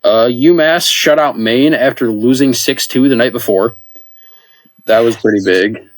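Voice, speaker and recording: A man's voice: medium pitch, measured pace, no room sound. A man co-hosting a podcast in casual chat, chatting through a list of results. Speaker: podcast co-host.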